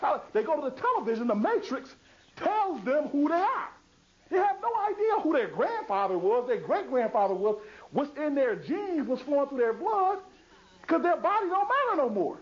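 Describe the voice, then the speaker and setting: A man's voice: very high voice, sing-song, moderate pace. A man giving a public lecture in an emphatic, repetitive way, asking rhetorical questions and answering them himself. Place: lecture hall. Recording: dull lo-fi 2000s video recording.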